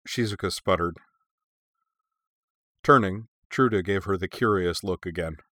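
Deep-voiced man narrating a story. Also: unhurried, pauses often, pushed and bright, no echo, clean studio sound. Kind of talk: audiobook narration.

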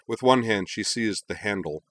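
A man narrating a story in a lively, expressive reading. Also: on the low side, moderate pace, no room sound.

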